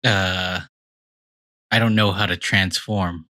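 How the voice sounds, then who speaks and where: A man's voice: low-pitched, steady tone, slow pace, bright, forceful tone, dry recording, exaggerated voice. A man playing a disoriented warden in a tabletop game, stammering and asking repeated questions. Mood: confused. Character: confused, disoriented adult male warden. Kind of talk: tabletop role-play.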